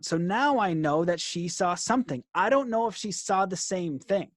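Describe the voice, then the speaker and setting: A young man guest recounting a story in an interview, lively and quick to laugh, peppering his talk with "like". His voice sits fairly high for a man. The sound is dry and close. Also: no room sound. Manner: animated, laughs often, frequent "like".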